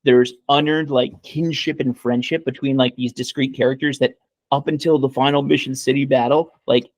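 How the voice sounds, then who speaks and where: A man's voice: medium pitch, fairly even intonation, moderate pace, no echo. Sarcastic man rambling on a podcast. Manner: sarcastic mock praise; rambling with many fillers. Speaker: podcast co-host. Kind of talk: casual chat.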